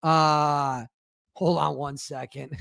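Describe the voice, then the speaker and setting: High-ish guy rambling on his podcast, sarcastic, keeps cutting himself off, dead dry mic. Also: little pitch movement, slow pace, gravelly, a bit bright, no echo. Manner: rambling, self-interrupting, sarcastic. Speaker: podcast host. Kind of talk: casual commentary.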